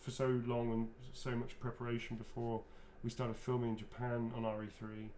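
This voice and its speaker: A man's voice: medium pitch, monotone, normal speed, dark tone, a little hiss or hum. A man, a voice actor, chatting loosely while signing autographs and answering fan questions, often restarting his sentences. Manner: rambling, self-correcting, chatty.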